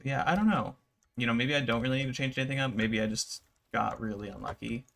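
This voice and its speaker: A man giving relaxed, rambling commentary over his gameplay, with many fillers. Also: medium pitch, quick pace, creaky. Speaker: gaming YouTuber.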